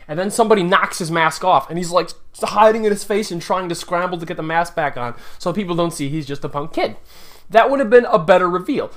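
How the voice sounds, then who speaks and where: Sarcastic man ranting about a movie. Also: high voice. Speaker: movie reviewer. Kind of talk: casual spoiler review rant.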